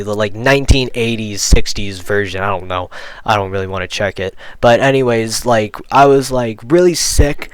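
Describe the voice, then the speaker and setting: A man's voice: lowish voice, clean tone, no room sound, poor audio. A teenage guy telling a casual storytime rant, rambling and profane, full of "like". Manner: rambling, profane, heavy use of "like". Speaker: vlogger.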